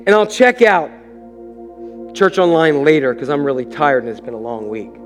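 A man's voice: a little high, moderate pace, faint music behind. A middle-aged man preaching a sermon, telling a family story and acting out what each person said. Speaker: pastor.

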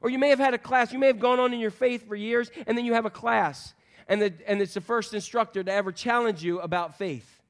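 A male pastor with a fairly high voice, preaching to his congregation. He is animated and joking, and he slips into playful voices for the people in the story. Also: fairly quick. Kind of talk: sermon.

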